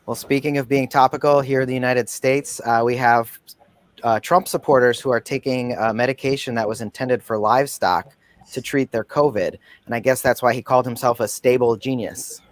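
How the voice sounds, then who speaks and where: A man telling pun jokes in a comedy contest, with a mid-pitched voice and a deadpan delivery. The sound is dry and close. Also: moderate pace, dry recording.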